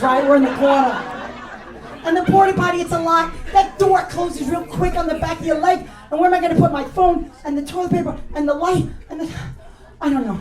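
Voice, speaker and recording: A middle-aged woman with a New York accent doing a profane, mocking stand-up comedy set in a club. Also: very high-pitched. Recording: echoey room mic heard from a distance, crowd laughter. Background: audience laughing.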